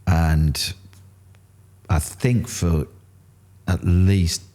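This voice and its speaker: A middle-aged man with a Yorkshire accent, telling his story candidly in an interview and acting out what others said. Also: drawn-out words. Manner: animated, acts out quotes with rising pitch. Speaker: interview guest.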